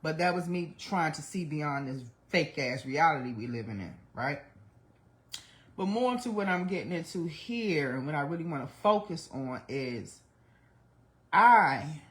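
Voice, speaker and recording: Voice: mid-range voice, expressive, measured pace. A livestream host in their forties speaks in an open, confessional monologue. The delivery is blunt and emotional, peppered with swearing. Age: 40s. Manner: candid, blunt and heavily profane; emotional, speaks of trying not to cry.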